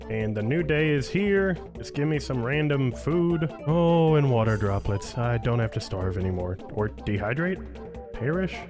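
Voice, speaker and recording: A man giving playful let's-play commentary, teasing the creatures he fights in the game. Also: medium pitch. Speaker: gaming YouTuber. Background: game music.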